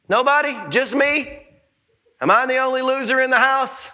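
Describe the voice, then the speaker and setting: A man, preaching an animated sermon, shouting in bursts and joking with the congregation. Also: very high-pitched, normal speed. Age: 40s. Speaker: pastor.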